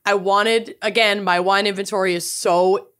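A woman co-hosting a casual podcast, chatting and laughing in giggly, animated banter. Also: medium pitch, normal speed, clean tone. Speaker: podcast co-host. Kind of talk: casual chat.

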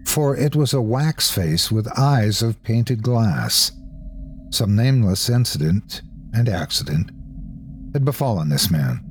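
A man narrating a classic horror story in the first person, with a measured delivery that slows and quickens for suspense. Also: medium pitch, a little mellow. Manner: measured, shifting pace for suspense. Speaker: host and narrator.

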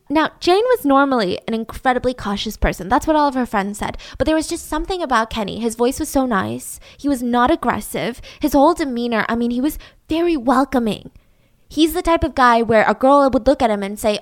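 A woman's voice: fairly high pitch, animated, normal speed. Chatty woman telling a crime story. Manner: chatty, conversational, with frequent "like". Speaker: podcast host. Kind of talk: casual true-crime storytelling.

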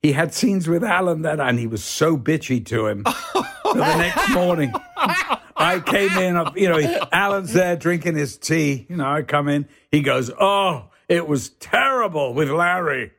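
A man, a podcast guest telling show-business anecdotes in a lively way and swearing freely. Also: a little high, normal speed, slight background noise. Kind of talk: anecdotal storytelling.

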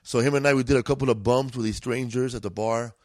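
Slangy, profane LA comedian. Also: male voice, medium pitch, fairly even intonation, quick pace, no room sound. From East Los Angeles. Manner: profane, laid-back, drawling street slang. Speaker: guest comedian. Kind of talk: casual storytelling.

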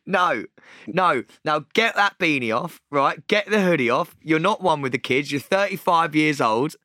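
A man co-hosting a podcast in casual chat, excitable and sweary, often laughing as he banters. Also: on the high side, normal speed, dry recording, clean studio sound. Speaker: podcast co-host.

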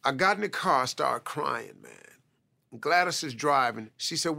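A man, a comedian, telling a motivational personal story in animated, colloquial speech. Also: medium pitch, a little slow, vocal fry. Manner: animated, conversational with colloquial phrasing.

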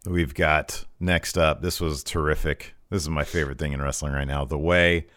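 A low-pitched man talking through a recap in a casual, chatty way. His voice sits close and dry, with no room around it. He gets animated, jumping up into high voices when he quotes someone. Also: moderate pace, no room sound. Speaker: podcast co-host.

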